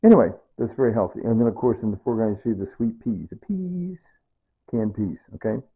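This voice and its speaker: Male home cook, rambling, repetitive, casual; raspy voice, tinny phone-line audio. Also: lowish voice, quick pace. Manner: rambling, repeats himself. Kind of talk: casual rambling cooking talk.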